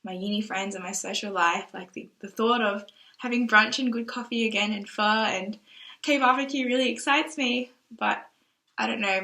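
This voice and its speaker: Gravelly yet bright, her mid-range voice has a forceful tone as the young exchange student vlogs casually to camera. Anxious and rambling, she thinks aloud and is tearful at moments. It's a low-quality recording.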